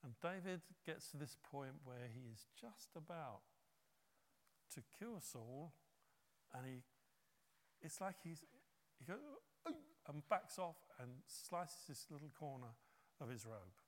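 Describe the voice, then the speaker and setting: A man preaching a sermon, telling a story with lively acted-out quotes. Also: a little high, unhurried, pauses often, big-room sound. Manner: animated storytelling, acts out quotes.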